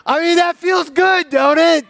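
A man's voice: extremely high pitch, steady tone, measured pace, vocal fry, a bit bright, dry recording. A male pastor preaching a sermon in a conversational, joking and emphatic way.

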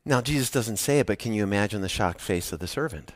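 A male pastor preaching an animated sermon, swinging from hushed tones to loud emphasis as he tells a story. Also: fairly low pitch, fast talker, no echo, studio quality.

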